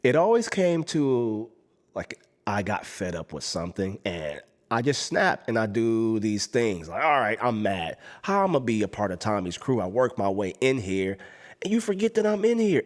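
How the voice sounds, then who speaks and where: Animated man telling a wild story. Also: moderate pace. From Los Angeles. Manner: acts out his own past lines with big jumps in pitch and volume; laughs between lines, slangy. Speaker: dancer telling his story.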